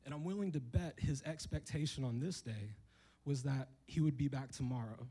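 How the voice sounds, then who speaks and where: A man with a husky, slightly breathy voice preaches a sermon to a church congregation. He keeps it conversational and playful, jumping into the voices of the people in his story. His pitch sits in an ordinary middle range. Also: moderate pace, dark tone, rough recording. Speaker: guest preacher.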